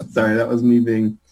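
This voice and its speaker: A man hosting a casual film chat, hesitant and halting, often breaking into laughter. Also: medium pitch, dark tone, poor audio.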